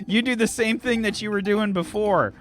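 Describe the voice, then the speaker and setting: A man's voice: sits high, moderate pace. A man running a tabletop role-playing game as game master, narrating with lots of fillers and laughs.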